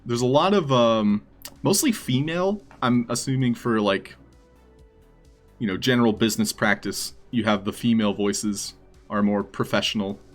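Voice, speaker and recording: A man's voice: medium pitch, normal speed, soft background music. A man streaming live, chatting casually and thinking aloud as he sets things up. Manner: rambling, thinking aloud while setting up text-to-speech. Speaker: livestreamer.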